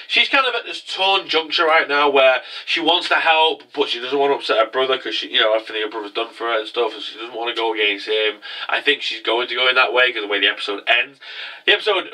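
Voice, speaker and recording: A man's voice: medium pitch, pushed and bright, distant mic, low-quality recording. A man casually recapping an anime episode, rambling with many restarts. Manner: rambling, frequent restarts and fillers.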